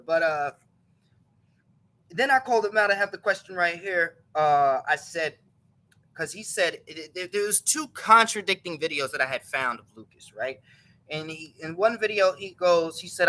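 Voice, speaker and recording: Male host, very bright tense timbre, loose rambling storyteller who keeps correcting himself. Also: a little high, expressive, moderate pace, poor audio. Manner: rambling, self-correcting, chuckling retelling. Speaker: show host. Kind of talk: casual storytelling.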